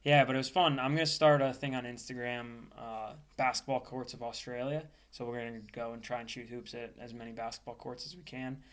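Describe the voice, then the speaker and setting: A young man from the United States co-hosting a podcast in a relaxed, casual chat, with plenty of fillers. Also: mid-range voice, brisk, hardly any pauses. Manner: relaxed, laid-back, lots of fillers. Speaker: podcast co-host.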